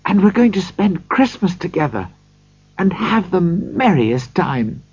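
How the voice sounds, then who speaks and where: A man's voice: sits high, very animated, a little slow, a little mellow, slightly rough, no room sound, voice pushed up, exaggerated voice. Man doing a loving, eager young sister. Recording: dull lo-fi recording.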